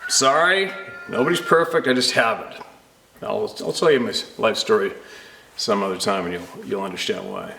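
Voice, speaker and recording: A man casually telling a personal story with animated energy, laughing often and acting out the voices of the people in it. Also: fairly low pitch, moderate pace, gravelly, roomy sound, faint music behind. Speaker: storyteller recounting a personal encounter. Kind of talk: casual spoken anecdote.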